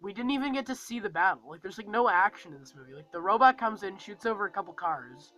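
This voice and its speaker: A man's voice: high-pitched, lively intonation, fast talker, pushed and bright, faint music behind, poor audio. A man giving a casual, rambling movie review, full of fillers and acting out lines from the film.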